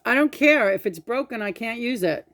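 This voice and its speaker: A woman doing a psychic reading on video, profane and quick-tempered, often snapping and shouting. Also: a little high, lively intonation, no echo. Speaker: psychic reader. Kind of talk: casual reading vlog.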